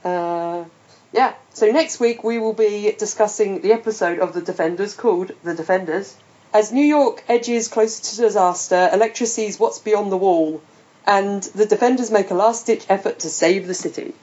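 A woman's voice: medium pitch, normal speed, dark tone, husky. Chatty woman podcast host, muffled audio. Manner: chatty, laughs often, thinks aloud with fillers. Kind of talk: casual podcast chat.

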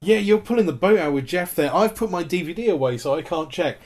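A man in his thirties chats casually as a podcast co-host, full of enthusiasm. He leans on ums and false starts, and his voice sits a little higher than most men's. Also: lively intonation, quick pace, darkish tone. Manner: chatty, enthusiastic, frequent ums and restarts. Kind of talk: casual chat about a TV series.

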